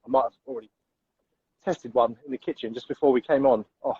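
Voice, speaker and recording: A man's voice: mid-range voice, fairly even intonation, husky, no echo, phone-quality sound. A young man co-hosting a casual live show, enthusiastic and calling his partner mate. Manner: enthusiastic, rapid, says mate often. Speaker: co-host.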